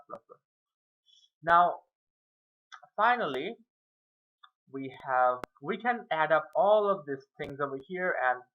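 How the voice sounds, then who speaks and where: A man's voice: medium pitch, phone-quality sound. Rambling self-mocking man teaching math. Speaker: math tutor. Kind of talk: casual whiteboard math lesson.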